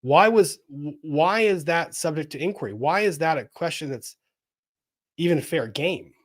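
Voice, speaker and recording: A man's voice: a little high, moderate pace. Wry man reading chat on a live stream. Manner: wry, animated, jokey asides.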